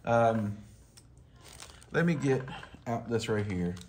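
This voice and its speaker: A man, casually talking viewers through swapping a reel handle, folksy and relaxed as he works. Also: medium pitch, takes it slowly, slight background noise. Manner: relaxed, talks to himself while working, folksy. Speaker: fishing channel host. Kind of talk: casual hands-on tutorial.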